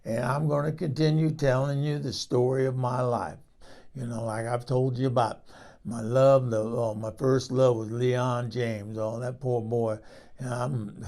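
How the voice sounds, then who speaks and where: A man playing Eunice, a gravelly 78-year-old gossip. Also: mid-range voice, a little mellow. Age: 78 (figure). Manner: folksy, salty, rambling storyteller with many restarts. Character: rambling 78-year-old woman recalling her husbands. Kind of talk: comedic character monologue.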